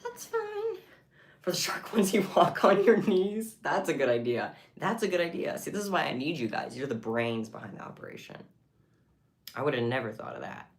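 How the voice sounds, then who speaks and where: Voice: mid-range voice, lively intonation, fairly quick. A livestreamer chatting casually with viewers while making beaded bracelets, playful and giggly, with plenty of self-mocking banter. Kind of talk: casual live-stream chat with viewers.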